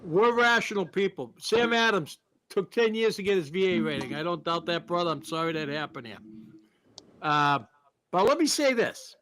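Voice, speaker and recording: High-voiced, earnest conservative man. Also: expressive, moderate pace, fairly bright tone. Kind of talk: political talk show chat.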